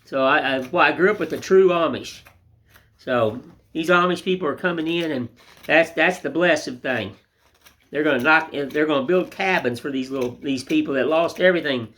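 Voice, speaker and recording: A man's voice: fairly high pitch, normal speed. A man who chats in a folksy, rambling way while he carves wood in his workshop. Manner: folksy, rambling, down-home sayings. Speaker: woodcarver. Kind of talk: casual chat while carving. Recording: loud workshop tool noise. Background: loud chisel and mallet knocks.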